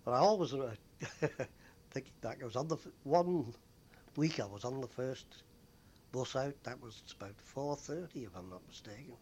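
Old guy rambling about his bus conductor days, lots of uhs, faint rumble behind. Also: lively intonation, a little mellow. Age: older. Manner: rambling, with frequent pauses and fillers. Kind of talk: oral history reminiscence.

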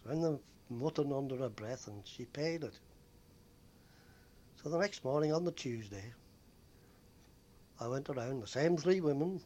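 An older man telling stories from his days as a bus conductor, rambling with frequent pauses and fillers. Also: medium pitch, expressive, dark tone. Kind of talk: oral history reminiscence.

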